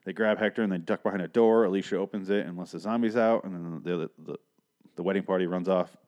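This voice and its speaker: A man's voice: low-pitched, steady tone, fast, a little mellow. A man hosting a podcast, recapping a TV episode in a rambling, profane, argumentative way. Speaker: podcast host.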